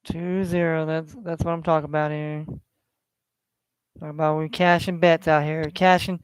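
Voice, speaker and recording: A man's voice: fairly high pitch, flat delivery, moderate pace, smooth, dry recording. A man from California hosting a casual sports betting stream, rambling and swearing as he repeats himself. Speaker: sports betting podcast host.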